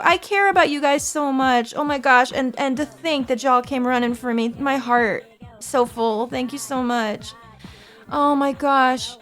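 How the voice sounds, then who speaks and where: A woman livestreamer chats casually in a high-pitched, fairly bright voice, speaking a little slowly. She rambles anxiously and pokes fun at herself, with faint music in the background.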